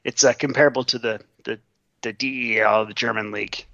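Halting analytical man on a dull mic. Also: medium pitch, steady tone, gravelly, a bit bright, no echo. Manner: analytical, halting with many restarts, swears casually. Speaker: podcast co-host. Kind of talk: casual chat.

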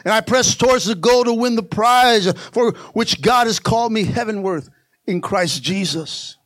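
A male pastor delivering a passionate sermon, swinging from soft asides to loud, fervent climaxes. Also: high voice, moderate pace, dry recording, studio quality.

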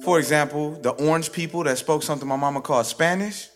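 A man performing a personal story live on stage, with a rhythmic, theatrical delivery that swings sharply in pitch and loudness. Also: fast. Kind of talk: live spoken-word storytelling. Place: stage before a live audience. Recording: live stage recording with music bed underneath.

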